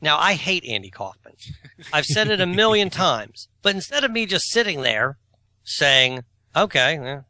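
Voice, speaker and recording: A man's voice: on the high side, sing-song, moderate pace, pushed and bright, no echo. A man in his forties telling rambling, self-mocking stories in a casual podcast chat. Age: 40s. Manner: rambling storyteller, self-mocking, laughs at himself; opinionated and argumentative. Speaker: co-host.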